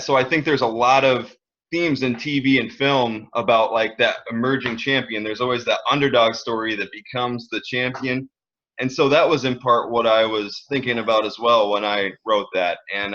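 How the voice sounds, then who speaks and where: A man's voice: mid-range voice, pushed and bright. A young man, a musician guest in a casual interview, talking earnestly and rambling with fillers. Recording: dull lo-fi sound.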